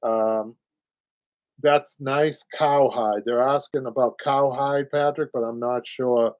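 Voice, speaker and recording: A chatty Boston-accented man in his sixties hosts a live upholstery stream. His voice sits at an ordinary pitch and is recorded close and dry. He restarts his sentences and laughs easily. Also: steady tone, darkish tone, dry recording, muffled recording. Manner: chatty, halting, laughs often. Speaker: upholstery show host. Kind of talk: live-stream talk and teaching.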